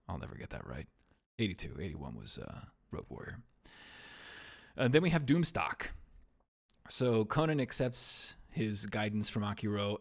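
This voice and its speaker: Low-voiced rambling male podcast host. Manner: rambling, wry, trails off into mumbles. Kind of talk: casual film discussion podcast.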